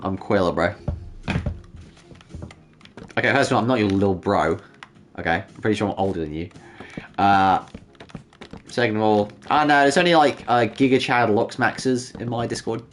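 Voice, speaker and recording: A man's voice: lowish voice, slight background noise. A man hosting a casual livestream, bantering and joking with chat, with frequent restarts. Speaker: livestream host.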